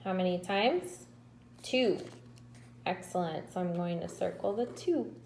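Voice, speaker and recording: A woman's voice: lowish voice, animated, creaky, a little mellow, reverberant, slight background noise, poor audio. A woman teaching kindergarteners in a recorded lesson, speaking patiently and stretching out syllables. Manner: slow, patient, drawn-out syllables. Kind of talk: recorded remote lesson to children.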